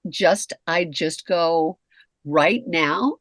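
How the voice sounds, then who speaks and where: A woman's voice: fairly low pitch, extremely slow, dry recording. A middle-aged woman co-hosting a candid conversation, frank, emphatic and freely profane. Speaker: co-host.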